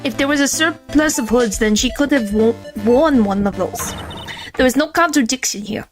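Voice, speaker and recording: A woman's voice: fairly high pitch, moderate pace, faint music behind, close to an everyday voice. A woman voicing a proud, curt young female prosecutor in a courtroom game. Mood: dismissive.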